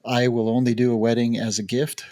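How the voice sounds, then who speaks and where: A man in his fifties, a guest wildlife photographer, chatting on a podcast with dry jokes at an unhurried pace. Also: medium pitch, level tone, dark tone. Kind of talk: casual podcast chat.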